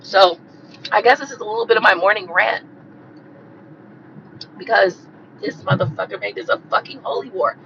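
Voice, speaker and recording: Woman streamer with a cold: hoarse, gravelly, bright-edged voice, blunt and profane, hammering the same points over dull lo-fi audio. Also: mid-range voice, normal speed, pauses often, slight background noise. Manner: blunt, profane, repeats herself for emphasis. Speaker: tarot reader hosting a livestream. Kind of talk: profane rant on a live stream.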